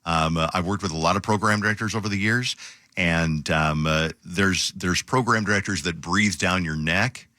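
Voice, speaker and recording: Male radio host, lowish bright voice, relaxed studio chat. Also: normal speed, no room sound. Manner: easygoing, laughs often, mimics others. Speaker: radio morning show host. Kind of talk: casual on-air chat. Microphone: studio microphone.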